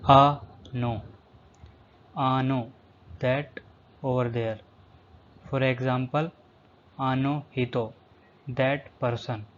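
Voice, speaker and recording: Very slow man drilling vocabulary. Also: mid-range voice, fairly even intonation. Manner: says each word twice, then the English. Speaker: language teacher. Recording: slightly dull lo-fi recording, faint background hum.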